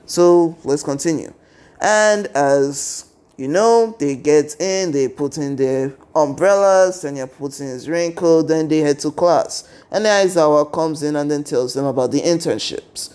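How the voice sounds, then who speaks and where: A man's voice: on the high side, measured pace, a little mellow. A young man casually retelling a fan story, rambling from one event to the next. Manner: rambling, strings events with "and then he's like".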